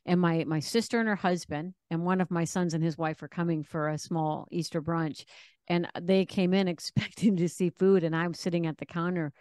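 A woman's voice: lowish voice, steady tone, moderate pace, darkish tone, clean tone, dry recording. Earnest woman author, dry close sound. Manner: earnest, vivid storyteller. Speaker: author and radio host. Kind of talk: faith interview, personal testimony.

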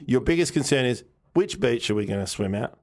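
A man's voice: medium pitch, lively intonation, brisk. A man co-hosting a casual chat, telling rambling stories with lots of restarts, laughs and casual swearing. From Australia. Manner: rambling storyteller, restarts sentences, laughs often. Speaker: podcast co-host.

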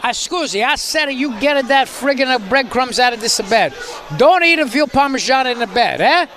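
Man doing a shrill nagging Italian wife. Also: lively intonation, moderate pace, heavily acted. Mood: scolding. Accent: mock Italian-American. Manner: loud nagging. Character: angry Italian wife scolding about breadcrumbs.

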